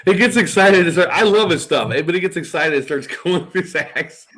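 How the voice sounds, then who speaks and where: A man's voice: high-pitched, normal speed, fairly bright tone. A man hosting a podcast, chatting bluntly and rambling, swearing a lot. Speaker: podcast host. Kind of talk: casual chat.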